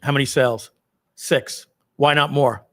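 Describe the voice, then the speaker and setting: A middle-aged man with a steady, medium-pitched voice speaks a little slowly as he tells an audience a personal story. He acts out the people in it with a loud, raised voice, keeps things casual with light swearing, and makes many asides.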